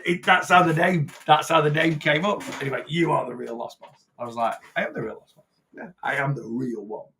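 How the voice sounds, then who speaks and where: A man's voice: on the high side, gravelly, fairly bright tone. A man, a personal trainer talking in a casual, rambling monologue that often repeats and restarts. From north-west England. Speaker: personal trainer and weight-loss coach.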